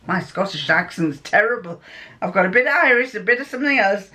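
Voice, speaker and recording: A woman's voice: medium pitch, expressive, a little fast, bright, forceful tone. A woman vlogger in casual chat, chatty and scattered, often stopping to correct herself.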